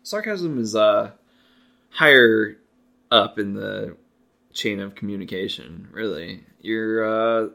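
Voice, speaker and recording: A man's voice: fairly low pitch, lively intonation, slow pace, gravelly, sharp tone. A young man co-hosting a podcast, chatting casually with a dry, sarcastic sense of humor. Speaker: podcast co-host. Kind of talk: casual chat.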